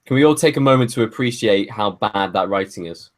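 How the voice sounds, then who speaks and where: Lower-voiced man, blunt and weary. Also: animated, brisk. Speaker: podcast co-host. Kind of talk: casual film review chat.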